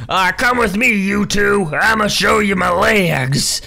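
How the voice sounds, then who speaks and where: Brief: gravelly, hammy goof of a trainer, voiced by a man. Bright and rough. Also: sits high, slow pace, pitched above the performer's own voice, exaggerated voice.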